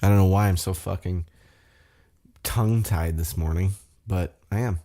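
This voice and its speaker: Low-voiced, rambling male podcast host. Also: normal speed, dark tone. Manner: rambling, profane and self-deprecating. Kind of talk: casual solo podcast recap.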